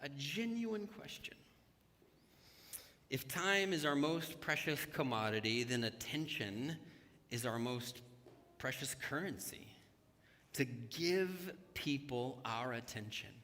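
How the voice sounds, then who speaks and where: A man's voice: medium pitch, slow pace, long pauses, pushed and bright. A man preaching a sermon in a church, telling stories in a conversational way and acting out the voices of the people in them. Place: church sanctuary. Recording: long hall reverb.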